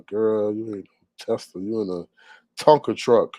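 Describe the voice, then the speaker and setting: A man's voice: fairly low pitch, steady tone, unhurried, warm tone, no echo. A young man, gossiping sassily in casual commentary with laughing asides. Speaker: commentary vlogger.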